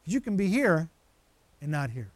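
A male pastor preaching a conversational sermon, lively and animated, with frequent asides to the congregation. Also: on the high side, moderate pace, no echo.

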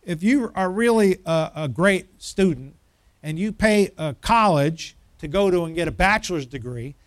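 Pastor, male, high voice, dry sound; quizzes the room, then hammers points home with repetition. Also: animated, normal speed, no echo. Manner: asks the congregation questions, builds to emphatic repetition. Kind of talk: interactive sermon.

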